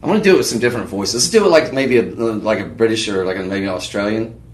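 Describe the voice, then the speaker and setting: A man hosting a live home shopping show, pitching products in a chatty, rambling way with lots of fillers and restarts. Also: quick pace, roomy sound. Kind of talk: live on-air sales pitch. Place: TV shopping studio.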